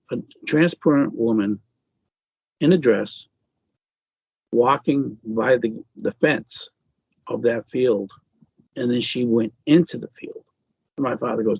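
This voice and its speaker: A man's gravelly, husky voice comes through in a casual interview. He talks haltingly, full of fillers and restarts. The sound is dry and a little dull, lo-fi. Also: medium pitch, darkish tone, no room sound. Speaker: author guest.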